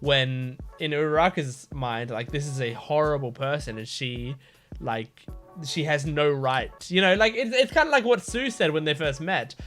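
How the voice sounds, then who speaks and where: A man's voice: fairly high pitch, normal speed, fairly bright tone, soft background music. A man hosting a reaction video, talking casually with lots of fillers and restarts. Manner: rambling, many fillers and restarts. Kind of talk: casual talk.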